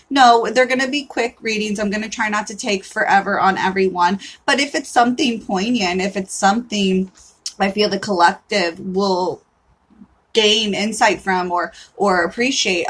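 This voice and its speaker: A woman's voice: mid-range voice, fairly bright tone. A woman in her thirties hosting a casual livestream, chatty and candid, often saying "like" and swearing in passing. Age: 30s. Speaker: livestream host.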